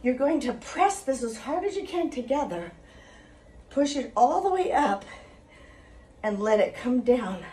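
Slow-talking woman fitness instructor. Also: sits high, very animated, mellow. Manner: slow, deliberate coaching with cheerful sign-off. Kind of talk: exercise instruction.

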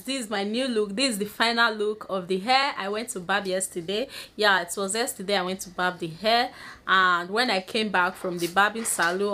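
A young Nigerian woman talks to her viewers in a relaxed, chatty vlog, breaking into giggles as she goes. Her voice sits at a middling pitch, and faint noise hums behind her. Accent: Nigerian English. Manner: giggly, chatty, laughs often. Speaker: vlogger. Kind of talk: casual vlog chat to camera.

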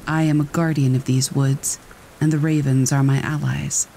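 A man's voice: mid-range voice, little pitch movement, moderate pace, gravelly, warm tone, slight background noise, lightly acted, low-quality recording. Wise old forest guardian woman , voiced by a man. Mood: gentle warning.

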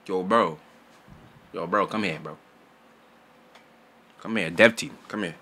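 A young man giving casual gaming news in a vlog, loud and excitable, slangy, repeating "bro" constantly. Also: lowish voice, normal speed, long pauses. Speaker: gaming YouTuber. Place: home recording setup.

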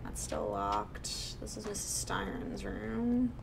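A woman's voice: mid-range voice, sing-song, slow, vocal fry, noisy background. Chatty young woman playing a game. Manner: chatty, reacts aloud, often hushed. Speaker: let's play host. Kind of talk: casual gameplay commentary.

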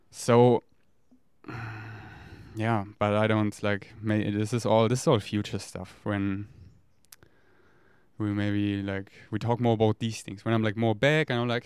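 A man rambles candidly, swearing freely as he talks. His voice is smooth and clear. It sounds dry and close, with no room echo. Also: on the low side, darkish tone. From Germany. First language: German. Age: 30s. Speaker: vlogger. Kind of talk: casual confessional monologue.

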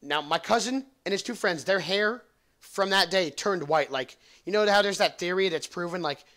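A young podcast host tells a long story casually, wandering off track, swearing, and laughing at his own wisecracks. His high-pitched voice is fairly bright and keeps a moderate pace.

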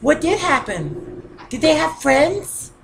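Silly woman gamer, lively swooping voice, noisy home recording. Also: high-pitched, slow pace. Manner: goofy, giggly and rambling. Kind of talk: casual gameplay commentary.

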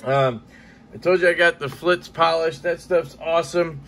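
A man with a fairly high, bright, forceful voice, chatting in a loose, rambling vlog style. He swears casually and drifts from one thought to the next. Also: fairly even intonation, normal speed, slight background noise. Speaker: knife collecting vlogger. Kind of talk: casual chat.

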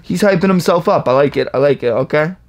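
Male reaction host, excitable and chatty, slightly high and gravelly, faint music behind. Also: quick pace. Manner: excitable, hypes bars with whoops and laughs. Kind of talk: casual reaction commentary.

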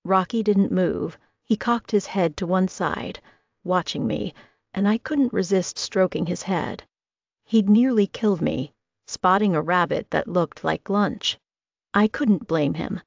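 A woman reads a first-person audiobook with wry, comic timing. Her voice is low and gravelly with vocal fry. The recording is dry, close and slightly dull. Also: unhurried, dry recording. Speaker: audiobook narrator.

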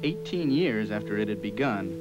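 A man giving measured, reflective scripted narration for a documentary. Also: fairly low pitch, lively intonation, muffled recording, over loud music.

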